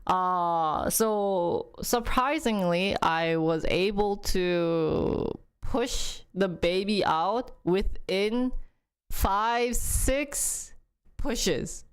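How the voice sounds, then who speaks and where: A young woman chats with her stream viewers in a loose, conversational way. Her voice sits at a middle pitch and leaps upward whenever she acts out someone else's words. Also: extremely slow, clean tone. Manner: animated storytelling, acts out quotes with jumps in pitch. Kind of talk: casual chat to stream viewers.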